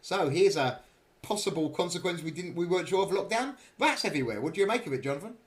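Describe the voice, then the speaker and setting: A man's voice: sits high, lively intonation, fast talker. A man hosting a casual podcast panel, teasing his guests and reading out news items. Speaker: podcast host.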